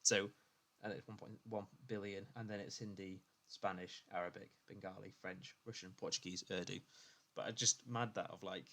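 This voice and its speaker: A man's voice: deep voice, steady tone, normal speed, vocal fry, few pauses, bright, forceful tone. A man co-hosting a casual podcast, reading out facts in a conversational way with "you know" fillers. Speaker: podcast co-host. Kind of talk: casual chat.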